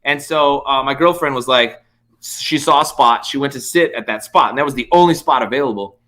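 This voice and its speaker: A man, a podcast guest, telling stories in casual, animated chat full of fillers and swearing. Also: medium pitch, a little fast. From United States.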